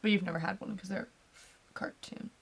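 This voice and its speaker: A woman's voice: mid-range voice, steady tone, fairly quick, gravelly, slightly rough. A woman co-hosting a live whiskey tasting, chatting casually and laughing often. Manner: chatty, talks over her co-host, laughs often. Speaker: co-host of a whiskey tasting livestream. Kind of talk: casual chat.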